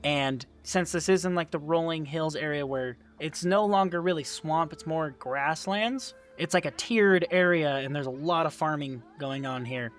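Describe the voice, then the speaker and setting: A man's voice: a little high, normal speed, hardly any pauses, fairly bright tone. A man narrating as game master of a tabletop game, casual with many fillers.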